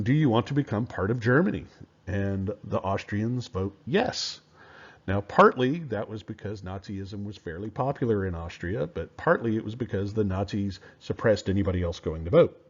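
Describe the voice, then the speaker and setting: A man teaching history in a relaxed, conversational lecture, with fillers and rhetorical questions. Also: lowish voice, moderate pace. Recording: dull lo-fi recording.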